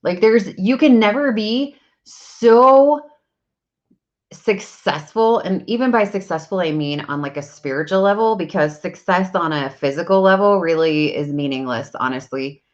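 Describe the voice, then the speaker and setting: A woman with a deep, low voice talks in a loose, chatty way about her spiritual practice. She wanders through her points with plenty of fillers. The recording sounds a little dull and lo-fi. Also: a little slow. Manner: chatty, rambling, many likes and ums. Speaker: energy practitioner and coach. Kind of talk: casual spiritual talk to camera.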